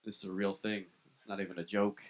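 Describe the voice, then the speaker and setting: Onstage at a club, a man runs through a self-deprecating stand-up routine that's casual, conversational and full of swearing. His voice is on the low side with little pitch movement, and he speaks fast.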